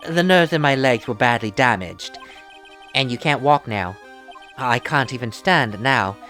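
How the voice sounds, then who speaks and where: A woman voicing a gentle, devoted young male circus acrobat in a game, in a deliberately deeper voice, with faint game music behind. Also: expressive, full character voice. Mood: earnest.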